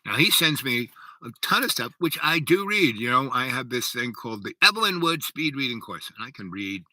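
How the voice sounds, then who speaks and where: A man's voice: mid-range voice, very animated, fairly quick, sharp tone, a little hiss or hum, poor audio. An older man hosting a live show, chatting in a rambling, digressive way and reading viewer comments. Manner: rambling and digressive, with lots of fillers and "right?". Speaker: host of a livestream show.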